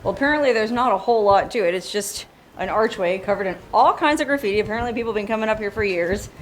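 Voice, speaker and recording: Woman, travel vlogger, outdoors on a coast trail, joking, self-mocking, mid pitch. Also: quick pace, slight background noise. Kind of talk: casual travel vlog narration.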